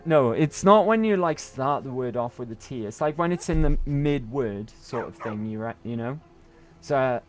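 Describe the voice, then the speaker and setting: Chatty British man, lively voice. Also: mid-range voice, moderate pace, faint music behind. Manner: chatty, rambling, keeps tagging on "right?". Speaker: game streamer. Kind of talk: casual gaming chat.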